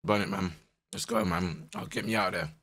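Young guy, voice a bit low and strained, hyped slangy game commentary. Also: fairly quick. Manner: animated, exclaiming, slangy banter. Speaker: gaming content creator. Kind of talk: casual gameplay commentary.

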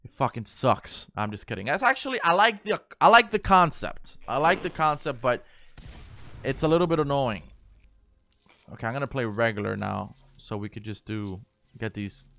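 A man's voice: mid-range voice, big pitch swings, normal speed, vocal fry, pushed and bright. A man livestreaming a game, chatting loosely with viewers in a rambling, profane way. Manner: rambling, swears freely, chats to viewers. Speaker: gaming livestreamer. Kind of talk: casual livestream chat while playing.

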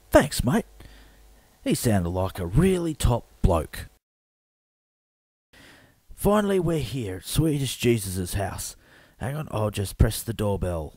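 A man's voice: fairly low pitch, very animated, slow, long pauses, a little mellow, slightly rough, no room sound. A man hosting an improvised comedy sketch, with blokey banter and frequent stammering. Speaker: comedic host.

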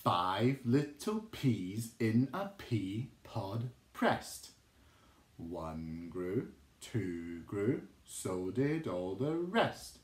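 Playful, animated male music teacher. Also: lowish voice, drawn-out words. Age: adult. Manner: playful, sing-song, dramatic. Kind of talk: children's music lesson with rhymes. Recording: roomy echo.

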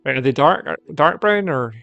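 Scottish man, playful gaming chat, reads on-screen text, gravelly, dry close mic. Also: fairly high pitch, animated, moderate pace, fairly bright tone, no room sound, highs cut off, faint music behind. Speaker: gaming channel co-host. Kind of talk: casual gameplay chat.

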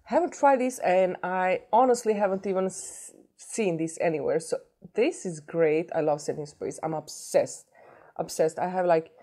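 A woman's voice: on the low side, moderate pace, warm tone. A woman opening a gift box for her vlog, gushing and emotional, repeating her words. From Sweden. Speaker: beauty vlogger. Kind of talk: unboxing vlog.

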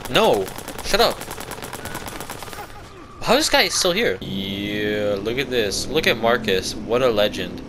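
A man giving excitable live commentary on his own gameplay, yelling and trash-talking as he plays. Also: lowish voice, slow, pauses often, noisy background. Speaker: gameplay video creator. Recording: game music loud behind.

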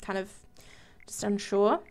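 A woman giving casual, excitable commentary while playing a life-simulation game, giggling and exclaiming often. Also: mid-range voice, measured pace. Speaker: let's play gamer.

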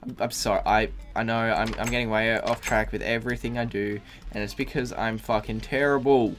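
A man's voice: fairly low pitch, steady tone, a little fast. A man streaming a game live, tired, talking in a rambling, profane way full of fillers and restarts. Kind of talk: casual live-stream chat. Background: faint music.

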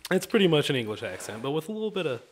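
A young man hosting a comedy podcast in casual chat, animated, laughing often and swearing. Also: a little high, very fast, slight background noise. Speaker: podcast host.

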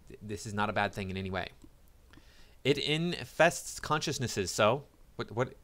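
A man's voice: on the low side, expressive, moderate pace, sharp tone. A man giving casual reaction commentary, sarcastic and mocking, often stumbling and repeating words. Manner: sarcastic and mocking, with many restarts and stammered repeats. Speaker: online commentator.

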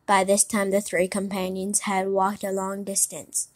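A woman narrating a children's storybook in an expressive reading voice. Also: medium pitch, measured pace, slight background noise. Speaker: audiobook narrator.

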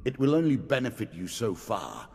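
An actor playing a cryptic, hooded male card dealer in a video game, speaking in a solemn, measured way. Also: wildly swooping pitch, a little mellow. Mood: ominous. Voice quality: deep gravelly, measured and solemn. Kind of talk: video game character dialogue. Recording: long reverb with music behind.

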